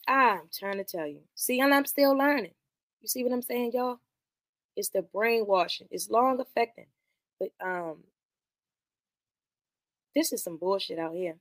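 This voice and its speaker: A woman hosting a podcast, casually retelling and reviewing a film in animated, slangy speech full of profanity. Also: medium pitch, dry recording. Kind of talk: casual movie commentary.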